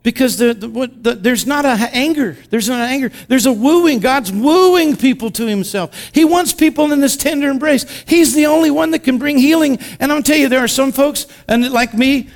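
A man preaching a sermon, swinging between loud, fervent exclamations and hushed, intimate passages as he reads and explains scripture. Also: very high-pitched, fairly quick, big-room sound. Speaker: pastor.

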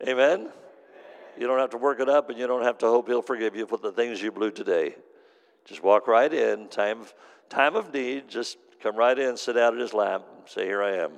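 A middle-aged man preaching a sermon as pastor, telling stories and swinging from hushed to loud. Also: medium pitch, normal speed, gravelly, clear, resonant tone. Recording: long hall reverb.

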